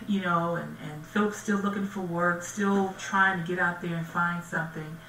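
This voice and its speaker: A woman co-host sharing a personal testimony, soft-spoken, steady and reflective. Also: on the low side, moderate pace. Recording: echoey room, distant mic, faint noise.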